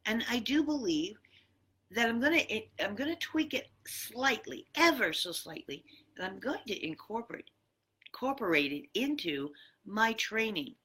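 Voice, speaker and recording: A woman's voice: fairly high pitch, very animated, moderate pace, a bit bright, slightly rough. A woman giving a motivational talk about the power of words, speaking emphatically and shifting her tone for effect.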